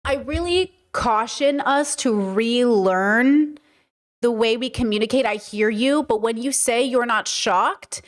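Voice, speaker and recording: A woman's voice: fairly high pitch, takes it slowly. A woman hosting a live stream, speaking earnestly and with passion to her chat. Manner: earnest, impassioned, lecturing. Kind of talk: livestream commentary to chat.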